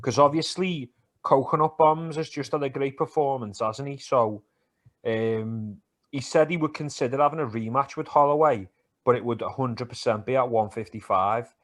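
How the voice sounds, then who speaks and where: A man's voice: medium pitch, normal speed, a bit bright. Sweary, teasing man on a podcast. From England. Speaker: podcast co-host. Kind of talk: casual banter about football and MMA.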